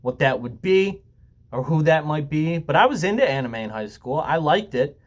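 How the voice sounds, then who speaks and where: A man's voice: on the high side, lively intonation, moderate pace. A young man talking casually to camera, rambling and joking, with frequent ums and some swearing. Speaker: YouTuber. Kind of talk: casual laid-back talk to camera.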